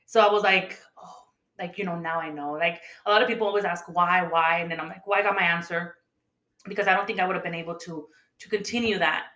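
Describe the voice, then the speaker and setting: A woman's voice: lowish voice, fairly even intonation, fast, bright, forceful tone. A woman in casual podcast chat, telling stories in a chatty way and acting out the voices of people she quotes. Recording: echoey room.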